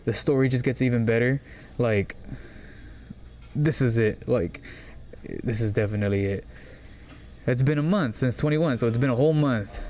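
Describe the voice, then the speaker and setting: A man's voice: mid-range voice, darkish tone. A man hosting a casual comic shop rundown, talking in a rambling, enthusiastic way with lots of fillers. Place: comic book store.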